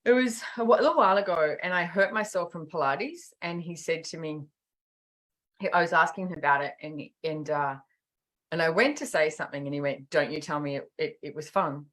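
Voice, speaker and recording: This is a middle-aged woman talking fairly quickly in a fairly low voice as she casually hosts a podcast. Her storytelling is animated, complete with acted-out quotes.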